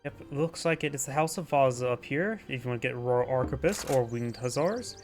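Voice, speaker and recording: A man calls a strategy game match in a casual, chatty play-by-play style, voice sitting in an ordinary middle register. Game music plays clearly under his commentary. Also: medium pitch, expressive, a little fast. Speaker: game caster.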